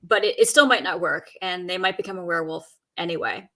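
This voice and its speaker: On a podcast, a female guest with a bright, forceful but lowish voice chats quickly, rambling through folk legends. Her storytelling is loose and full of ums and uhs.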